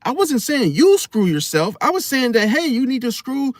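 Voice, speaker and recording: A man's voice: extremely high pitch, big pitch swings, normal speed, no echo, clean studio sound, pitched above the performer's own voice. A man voicing a defensive liar who stumbles and insists while twisting his words. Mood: flustered backpedaling.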